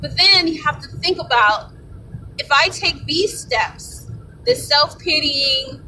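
High-voiced woman giving a rambling devotional talk. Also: expressive, takes it slowly. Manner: rambling, conversational, asks for agreement. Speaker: Christian speaker. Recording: distant mic with loud rumble.

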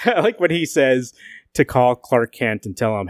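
A man's voice: medium pitch, moderate pace, no echo, clean studio sound. A man co-hosting a casual comic book podcast, swearing and acting out lines from the comics. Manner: animated, swears a lot, acts out quotes. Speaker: podcast co-host.

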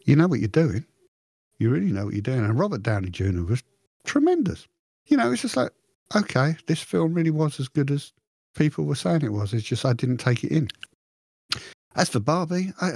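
A man co-hosting a podcast, chatting in a rambling, animated way with frequent restarts. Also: on the high side, breathy edge, no echo, clean studio sound. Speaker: podcast co-host. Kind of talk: casual chat.

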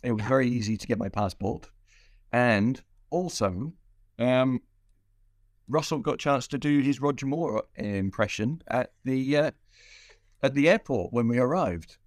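A man's voice: mid-range voice, measured pace, no echo, clean studio sound. A man hosting a casual podcast chat, playful and rambling, often restarting his sentences. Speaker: podcast host.

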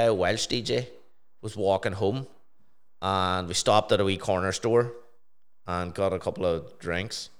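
A young man telling stories and swearing casually on a podcast. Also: clear, resonant tone. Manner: swears freely, storytelling in a low mumble. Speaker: podcast co-host, DJ.

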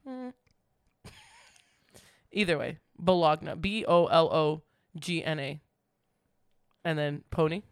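A man co-hosting a podcast in casual chat, chatty and quick to laugh, with lots of fillers. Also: a little high, expressive, clear, resonant tone, no room sound, clean studio sound. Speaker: podcast co-host.

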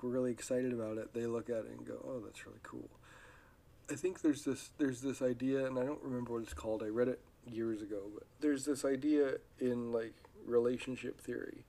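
Guy doing his own podcast, kinda gravelly voice, chatty and rambly, keeps restarting sentences. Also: medium pitch. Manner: rambling, relaxed, with many restarts. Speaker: podcast host. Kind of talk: casual solo podcast talk.

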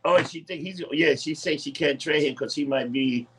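A man's voice: on the high side, fairly quick, fairly bright tone, slight background noise. A man co-hosting a casual podcast, talking loosely and profanely, often stumbling over words. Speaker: podcast co-host. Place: dim indoor room.

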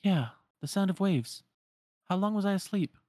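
A man voicing a gentle, apologetic teenage girl in a raised, lilting voice for a fan retelling of a game story. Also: sits high, animated, moderate pace, dry recording, clean studio sound, pitched above the performer's own voice.

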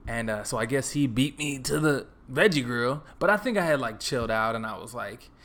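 A young man from Texas hosting a solo podcast, telling a story in a relaxed, joking, rambling way with lots of fillers. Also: mid-range voice, brisk. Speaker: podcast host. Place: his apartment.

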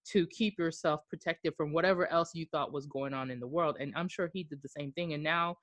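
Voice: medium pitch, brisk, no echo. Podcast host, casual rambling chat, laughs a lot, dry close sound. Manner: rambling and animated, many "like" fillers; laughs often.

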